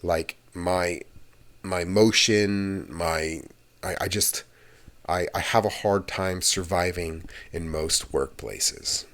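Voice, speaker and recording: Low-voiced young man rambling. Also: takes it slowly, a bit bright. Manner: meandering and chatty, with casual swearing. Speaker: ASMR channel host. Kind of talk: rambling casual monologue.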